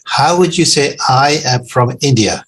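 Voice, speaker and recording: A man in a video-call class with a very raspy voice. He keeps prompting and encouraging his classmates with questions. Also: medium pitch, lively intonation, measured pace, a bit bright. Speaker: student. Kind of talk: online class discussion.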